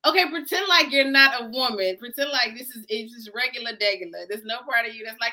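A woman's voice: on the high side, quick pace, few pauses, sharp tone. A woman co-hosting a casual chat, emphatic and repeating words for effect. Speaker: podcast co-host.

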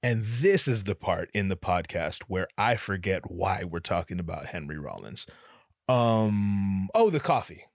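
A young man tells a story on his podcast in a casual, profane, self-mocking way. His voice sits low but jumps sharply upward whenever he acts out his own reactions. The sound is close and dry, with no room around it. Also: lively intonation, a little slow, dry recording. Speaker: podcast host.

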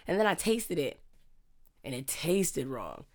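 A woman's voice: low voice, unhurried. A woman co-hosting a podcast, telling a story in casual chat and acting out what everyone said. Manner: animated storyteller who acts out quotes, many "I'm just like". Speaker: podcast co-host.

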